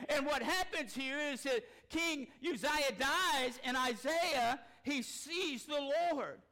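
A man preaching a sermon, folksy and impassioned, rising to shouts. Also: extremely high pitch, slow pace. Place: church sanctuary.

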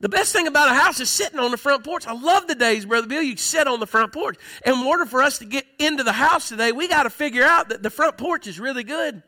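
High, bright-voiced impassioned preacher man. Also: expressive, quick pace, hardly any pauses. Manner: impassioned preaching, swinging from loud emphatic peaks to hushed, tender passages. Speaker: pastor. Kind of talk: sermon.

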